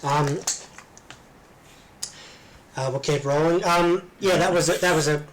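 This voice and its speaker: A man's voice: on the high side, fairly even intonation, measured pace, background noise. Hiccuping Australian man stammering. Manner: hesitant, stammering restarts. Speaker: podcast co-host. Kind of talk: casual chat.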